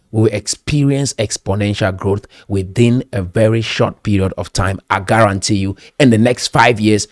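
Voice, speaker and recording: A man's voice: lowish voice, darkish tone, dry recording, studio quality. Cameroonian man giving a preachy pep talk. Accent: Cameroonian English. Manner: preachy, exhorting, repeats phrases for emphasis. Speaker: pastor and commentator.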